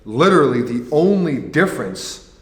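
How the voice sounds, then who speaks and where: A man's voice: fairly high pitch, animated, normal speed. Rambling, joking man in an echoey room. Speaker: sneaker vlogger. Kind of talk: casual chat. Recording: roomy echo with long reverb.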